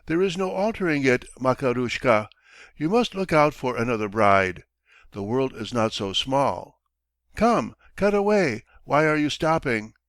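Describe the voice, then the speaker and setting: A man's voice: medium pitch, lively intonation, fairly bright tone, no echo, clean studio sound. A man reading an audiobook, voicing a blunt, self-satisfied older townsman who talks down to others. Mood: dismissive. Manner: brisk, dismissive, bossy. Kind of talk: audiobook character voice.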